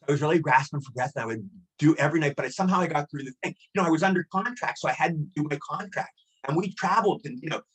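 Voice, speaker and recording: A man in his sixties, a guest actor telling rambling, animated anecdotes in a casual interview. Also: on the high side, slightly rough, low-quality recording. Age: 60s.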